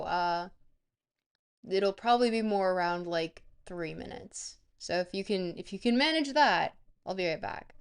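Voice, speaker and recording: A woman's voice: medium pitch, clean tone. Chatty woman streamer joking with chat. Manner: rambling, jokey, talks straight to chat. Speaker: livestream host. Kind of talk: casual livestream chat.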